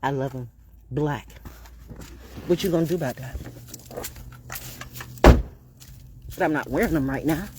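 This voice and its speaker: A woman's voice: low voice, measured pace, pauses often, very noisy. A woman talking straight to her audience in a vlog, ranting with emphatic repetition and plenty of profanity. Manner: repeats phrases for emphasis. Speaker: online broadcaster.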